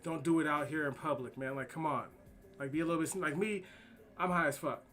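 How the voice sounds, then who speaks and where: Man, laid-back slang-heavy storyteller, curses a lot, slightly high-pitched voice. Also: brisk, fairly bright tone, soft background music. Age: adult with kids. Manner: profane, slangy, rambling anecdotes. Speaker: streamer. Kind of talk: casual storytelling while drawing.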